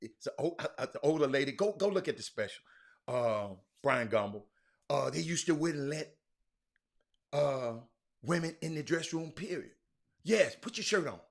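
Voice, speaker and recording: A man's voice: on the high side, moderate pace. A man hosting a live-streamed sports talk show, ranting emphatically, repeating himself and calling out to his viewers. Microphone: streaming mic.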